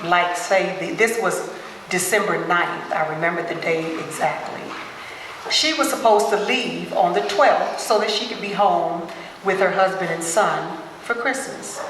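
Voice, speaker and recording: With a mid-range voice, a woman guest speaker animatedly tells personal stories to a gathering, acting out the characters' lines. She was captured from far away in an echoey hall, and the recording carries a little hiss or hum.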